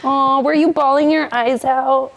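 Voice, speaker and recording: High-voiced woman reacting in chat. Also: fairly even intonation, unhurried, fairly bright tone. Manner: reactive, short interjections. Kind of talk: casual podcast chat.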